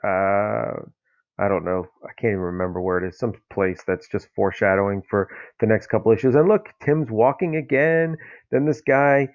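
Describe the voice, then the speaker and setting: A man's voice: on the low side, fairly even intonation, normal speed, no room sound. A man hosting a casual comic book review podcast, talking in a rambling, disbelieving way with plenty of fillers. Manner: rambling, incredulous, lots of fillers. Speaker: podcast host. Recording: dull lo-fi, dry sound.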